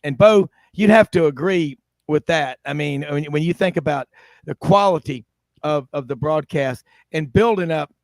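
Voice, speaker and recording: Male sports host, high pitch, dry studio sound, chatty, laughs a lot. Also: normal speed, gravelly, no echo. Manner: chatty storyteller doing impressions, laughs often. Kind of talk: casual roundtable chat.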